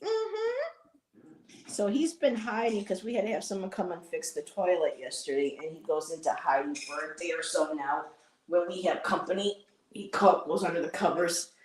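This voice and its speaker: A woman's voice: low-pitched, brisk, slight background noise. A woman from western New York with a Buffalo accent, chatting and telling stories on a live stream. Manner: chatty storyteller, voices others in anecdotes. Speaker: stream co-host. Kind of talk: casual live-stream chat. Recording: roomy echo.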